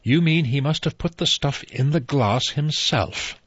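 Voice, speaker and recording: A man reading a novel aloud, voicing a sharp-witted adventurer asking a probing question, on a dull lo-fi recording. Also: fairly high pitch, measured pace, slightly rough, dry recording, voice pushed up.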